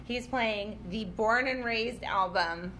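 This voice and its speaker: A woman's voice: on the high side, slow, noisy background. A woman co-hosting a podcast in casual chat, gushing and laughing often as she talks. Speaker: podcast co-host.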